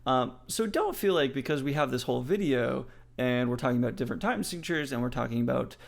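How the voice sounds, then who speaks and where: Male music teacher, animated delivery with a gravelly edge, counts beats out loud. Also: mid-range voice, quick pace. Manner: explains in a friendly way, counts beats aloud. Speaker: songwriting teacher. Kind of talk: music theory lesson.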